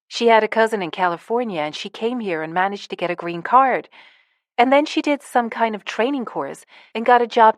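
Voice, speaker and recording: A woman narrator voicing a calm young American woman who teaches yoga, with an American accent. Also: mid-range voice, no echo, studio quality, lightly acted.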